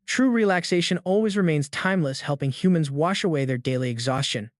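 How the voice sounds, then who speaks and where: A man voicing a calm, gentle goddess who gives frank advice, reading softly in a storybook recap. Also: a little high, a little fast, no room sound, studio quality, lightly acted.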